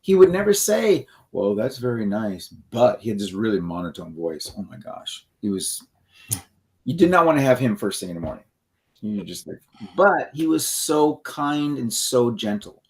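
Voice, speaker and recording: A man's voice: medium pitch, sing-song, normal speed. A middle-aged man co-hosting an instructional conversation, explaining with frequent restarts and checking in with "okay?". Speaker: co-host.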